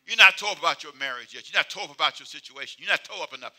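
High, bright-voiced emphatic male preacher. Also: expressive, very fast, hardly any pauses. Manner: emphatic, repetitive call-and-response preaching; swings between loud exhortation and quiet, low asides. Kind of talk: sermon.

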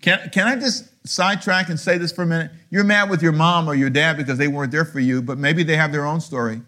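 Animated preaching man, higher voice. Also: fast. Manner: animated preaching, rhetorical questions; swings from low murmurs to loud high emphasis. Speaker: pastor. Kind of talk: sermon.

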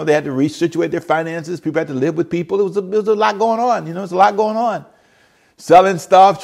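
A man preaching a sermon, animated and getting out of breath, swinging from loud bursts to quiet asides. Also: high voice, vocal fry. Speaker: pastor.

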